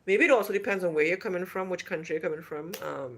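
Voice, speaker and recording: This is a livestream host speaking fast in a lowish voice. Originally from Trinidad and Tobago, with a faint Trinidadian accent, she sits in a hotel room answering viewers' questions casually, chattering and rambling and often starting over.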